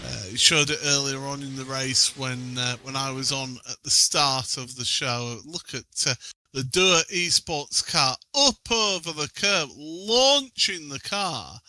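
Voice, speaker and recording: A man's voice: medium pitch, steady tone, unhurried, pushed and bright, no echo. A man giving live sim racing commentary, jokey and rambling, often laughing.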